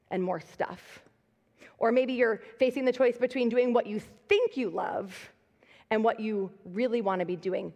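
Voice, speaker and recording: A woman's voice: medium pitch, a little mellow. A middle-aged woman pastor giving a live sermon, talking in a conversational, self-deprecating way and telling personal stories. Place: large church auditorium. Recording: long reverb of a live church hall.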